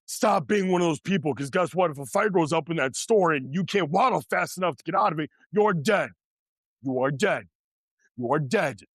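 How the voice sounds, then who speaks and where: A man's voice: on the high side, breathy edge, dry recording. Blunt, preachy male podcast host. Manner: preachy, emphatic, repeats phrases. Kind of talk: blunt motivational monologue.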